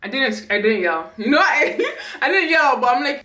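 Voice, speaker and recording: Bright-voiced young woman telling a storytime. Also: a little high, moderate pace, echoey room. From Canada. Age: 20s. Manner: animated, acts out her own past words with rising emotion. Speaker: vlogger. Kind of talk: storytime vlog.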